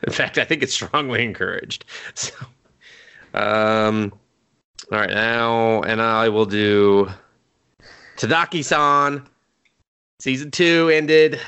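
A man co-hosting a casual podcast chat, gushing excitedly about a show and swearing freely. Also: mid-range voice, clean tone. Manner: excitable, swears a lot, gushes while recapping. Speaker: podcast co-host.

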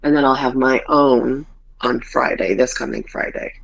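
A woman's voice: a bass voice, moderate pace, vocal fry. Bawdy storytelling woman, dull lo-fi sound. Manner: animated, bawdy storyteller acting out dialogue. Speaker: podcast host. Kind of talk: casual podcast chat. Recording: dull lo-fi podcast audio.

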